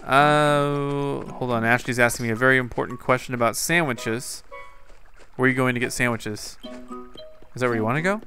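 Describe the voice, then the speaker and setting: A man's voice: mid-range voice, normal speed, soft background music. A man giving casual, chatty gameplay commentary, talking to himself and to someone off-mic, and now and then calling out a name. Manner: repeatedly shouts a name into the game mic. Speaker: gaming YouTuber.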